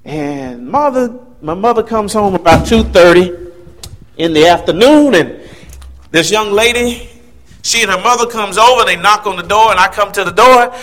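Animated man in his fifties telling a story. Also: sits high, moderate pace, a little hiss or hum. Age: 50s. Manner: animated storyteller, acts out quoted voices. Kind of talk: personal storytelling.

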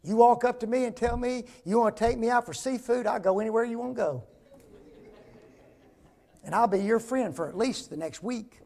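A man's voice: very high-pitched, normal speed, creaky, darkish tone. An older man, preaching a folksy sermon and asking the congregation rhetorical questions.

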